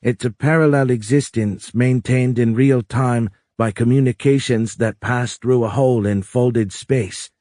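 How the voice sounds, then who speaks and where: A man voicing a calm, wise alien woman with a foreign accent, speaking slowly and explaining patiently in an audiobook. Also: medium pitch, dry recording, studio quality, pitched above the performer's own voice, lightly acted. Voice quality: foreign accent, soft raised voice. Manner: slow, measured, explanatory.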